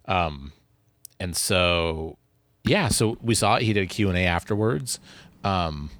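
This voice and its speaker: A man in casual chat, recalling a story in a relaxed way with "um" and "you know" fillers. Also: low-pitched, a little slow, dry recording.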